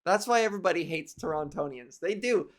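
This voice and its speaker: A woman's voice: fairly low pitch, lively intonation, fairly quick. Rambling, sarcastic woman comedian. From Canada. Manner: rambling, sarcastic, profane, laughs between riffs. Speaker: comedian hosting her own podcast. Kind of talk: solo comedic monologue. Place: bedroom.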